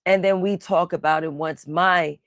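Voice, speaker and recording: A young woman co-hosting a casual stream, teasing and animated, quick with slang. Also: lowish voice, dry recording, clean studio sound. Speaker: stream co-host. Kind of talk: casual banter.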